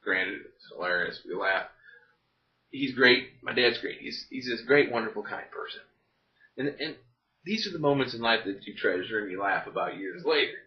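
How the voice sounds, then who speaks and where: A man's voice: medium pitch, animated, moderate pace. A man from Florida telling a stand-up comedy story in a rambling, folksy way, often checking in with "okay?". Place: a home living room. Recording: dull, roomy sound from a distant mic.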